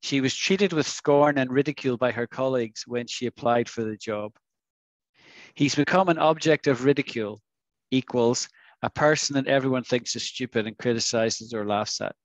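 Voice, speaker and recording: A man teaching an English vocabulary lesson in an online class, patiently coaxing students and modelling pronunciation slowly. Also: medium pitch, no echo, poor audio. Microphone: video call.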